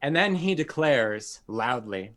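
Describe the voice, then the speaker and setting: A man's voice: mid-range voice, sing-song, slow pace, a bit bright. British man running a tabletop game. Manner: dramatic narration with laughs. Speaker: dungeon master.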